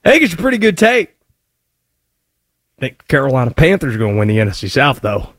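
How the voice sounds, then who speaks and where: A man putting on a loud, excitable Cajun-drawling conspiracy character who rambles through hot takes. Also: medium pitch, fast talker, dry recording, studio quality, pitched below the performer's own voice. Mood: excited.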